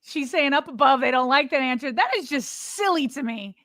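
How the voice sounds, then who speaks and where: A woman co-hosting a sports podcast, giving emphatic, animated opinions in casual talk. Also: high voice, fairly quick, no echo, studio quality. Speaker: podcast co-host.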